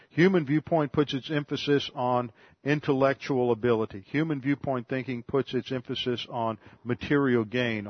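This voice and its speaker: A male pastor delivers an expository sermon in a methodical, earnest manner, hammering points home by repeating phrases. His voice sits at an ordinary male pitch. The recording is dry and a little dull. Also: dry recording. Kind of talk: expository Bible teaching sermon.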